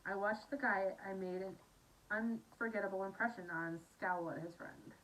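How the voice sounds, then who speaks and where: A Scottish woman reads a novel aloud as a casual amateur audiobook, adding chatty asides and stumbling over words now and then. Her medium-pitched voice is fairly bright at a normal speed, caught on a slightly distant mic with faint noise.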